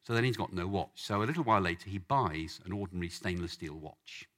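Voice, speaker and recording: A man preaching a sermon as a lively story, acting out the voices of the people in it. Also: sits low, fast. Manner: animated, acts out voices in the story.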